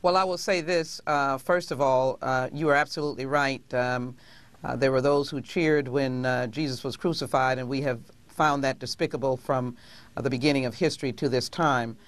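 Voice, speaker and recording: A woman speaking as a congresswoman in a TV interview, measured and pausing often with hesitations. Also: extremely low pitch, fairly even intonation, no room sound. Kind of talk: TV interview guest.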